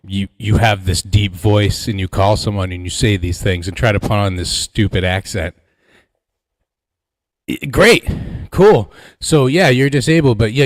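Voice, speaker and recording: A man's voice: lowish voice, no room sound. A man co-hosting a livestream, rambling and sarcastic as he talks. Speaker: livestream co-host. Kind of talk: livestream commentary.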